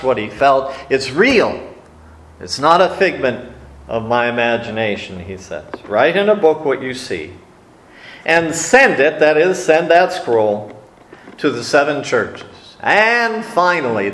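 A man's voice: medium pitch, fairly bright tone. A man teaching a sermon on scripture in a conversational, folksy way. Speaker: preacher. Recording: echoey room.

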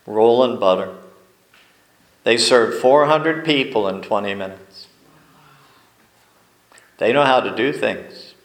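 A male pastor giving a sermon, telling folksy stories with deliberate pauses. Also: on the low side, echoey room, low-quality recording. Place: church sanctuary.

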